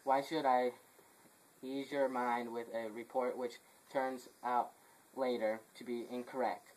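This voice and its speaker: A man's voice: medium pitch, little pitch movement, unhurried, darkish tone, close to an everyday voice, low-quality recording. A man reading a stumbling messenger. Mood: grim. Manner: stumbling over words, restarts, stifled laughs. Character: messenger reporting deaths to the royal house. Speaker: actor in an amateur play. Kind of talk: amateur dramatic reading.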